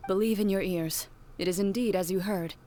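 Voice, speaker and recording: A woman voicing a calm, composed young huntress in a video game, speaking tersely and with dry formality. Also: medium pitch, a little fast, very noisy, close to an everyday voice. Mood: cool.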